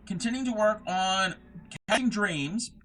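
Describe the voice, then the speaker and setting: A man's voice: high voice, a little slow, fairly bright tone. A young man hosting a casual craft livestream, reading chat messages aloud and rambling with lots of fillers and restarts.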